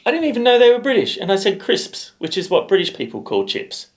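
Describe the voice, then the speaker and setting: A young Australian man co-hosting a music reaction show, bantering in a jokey, excitable way. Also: sits high, brisk. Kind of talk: casual chat reacting to a music video.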